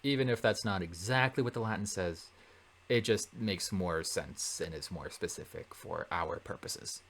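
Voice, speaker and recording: A man working through a Latin translation in a relaxed lesson, thinking aloud with many fillers and self-corrections. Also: deep voice, normal speed. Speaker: Latin tutor. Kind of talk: casual translation walkthrough.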